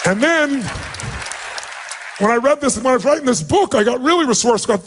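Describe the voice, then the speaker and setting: A man's voice: very high voice, expressive, brisk, long pauses, fairly bright tone, a faint crowd. A man giving a motivational speech, telling a personal story in an earnest, emphatic way. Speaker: motivational speaker.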